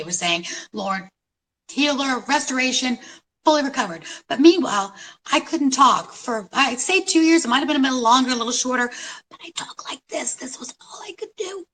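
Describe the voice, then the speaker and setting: A middle-aged woman from New York City telling her story at a conference in an animated, storytelling way, with dramatic pauses. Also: mid-range voice, poor audio. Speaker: conference speaker. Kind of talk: inspirational talk.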